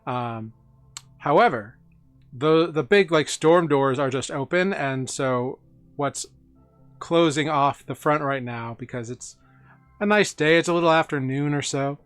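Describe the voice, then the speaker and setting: A man's voice: fairly high pitch, a little slow, fairly bright tone, clean tone, soft background music. A man narrating as game master for a tabletop game, rambling with many fillers.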